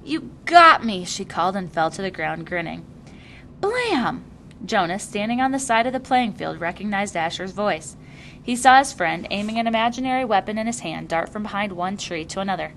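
A woman narrating a novel aloud with expressive reading. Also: mid-range voice, a little hiss or hum.

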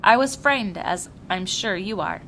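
A woman voicing a weary old man who is gentle and burdened, speaking in a slow, grave and measured way. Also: mid-range voice, animated, slight background noise.

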